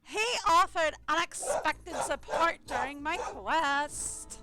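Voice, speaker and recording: A woman voicing a bold young female adventurer who talks loudly and declaims. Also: sits high, takes it slowly, soft background music, heavily acted. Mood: proud. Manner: loud, declaiming.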